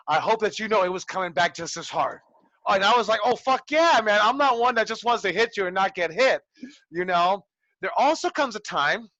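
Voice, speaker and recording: Profane forty-something wrestling coach. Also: male voice, high voice, pushed and bright, dry recording, dull audio. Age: 40s. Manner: loose, profane, storytelling with acted quotes. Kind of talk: casual classroom talk to students. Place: training school.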